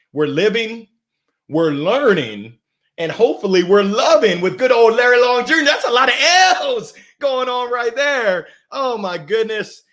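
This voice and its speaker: Hyped-up guy hosting a motivational live, high voice all over the place, keeps laughing. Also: a bit bright. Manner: exuberant, laughs often, greets viewers by name. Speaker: host of a live motivational stream. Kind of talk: lively live-stream chat reading comments.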